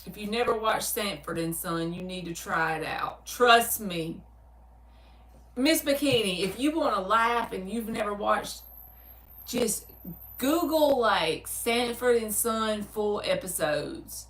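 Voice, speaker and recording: A Southern US woman who reads tarot hosts a livestream, chatting casually as she reads viewer comments aloud and answers them with easy laughs and animated stories. Her mid-range voice moves slowly. She sits away from the mic, so the sound is roomy and distant.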